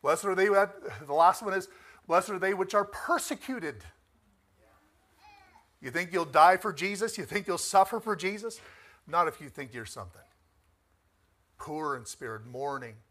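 A man preaching a sermon, emphatic and rising to near shouts on key points, asking the congregation for amens. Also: high voice, expressive, normal speed.

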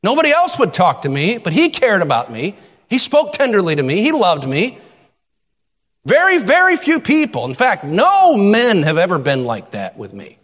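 A man's voice: high-pitched, huge pitch swings, normal speed, a bit bright, big-room sound, voice pushed up, heavily acted. A man preaching voices a grieving, devoted woman, speaking in an impassioned, pleading way. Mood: impassioned grief.

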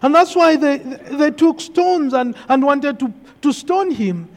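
A man's voice: very high voice, lively intonation, slow pace, hardly any pauses. A man preaching a sermon, emphatic and repeating key phrases for weight. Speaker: pastor. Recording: long hall reverb.

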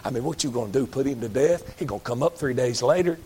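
A middle-aged Baptist preacher delivers a folksy sermon that builds into shouted emphasis. His male voice is medium-pitched, animated and fast, with a breathy edge.

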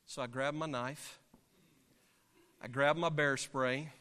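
Pastor guy telling a story in his sermon, really bright tense voice, lots of drama, church hall reverb. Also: mid-range voice, steady tone, slow pace, clear, resonant tone. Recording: long reverb of a large hall.

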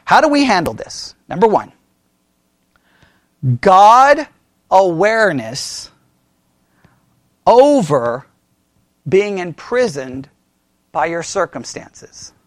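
A man's voice: high-pitched, big pitch swings, slow, long pauses, no echo. A man preaching as a pastor, in a conversational way, quizzing his listeners with questions and often restarting his sentences. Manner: frequent self-corrections and restarts. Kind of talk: sermon.

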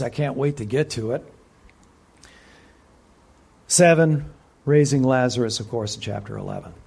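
A man preaching a sermon who speaks with energy, often asks the audience questions, and drops to a hush for emphasis. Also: fairly high pitch. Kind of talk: expository sermon.

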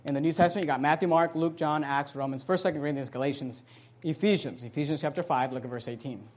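A man preaching a fiery sermon, reading scripture slowly and swinging between loud bursts and low asides. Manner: reads scripture slowly with emphasis. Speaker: pastor.

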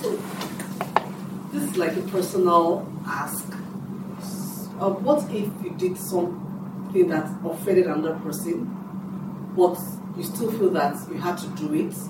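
A class participant telling a personal story and asking a question, animated when quoting others. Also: mid-range voice. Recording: roomy, distant from mic, noisy.

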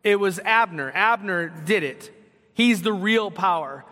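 Bright-voiced preacher in an echoing hall. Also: male voice, high voice, measured pace. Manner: animated teaching with questions to the congregation. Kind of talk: expository sermon.

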